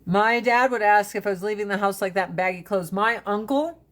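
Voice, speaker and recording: A woman's voice: mid-range voice, fairly quick, a bit bright. A woman in her forties chatting on a live stream, swearing freely, laughing often and mimicking her family in funny voices. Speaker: livestream host. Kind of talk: casual chat on a live stream. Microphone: phone.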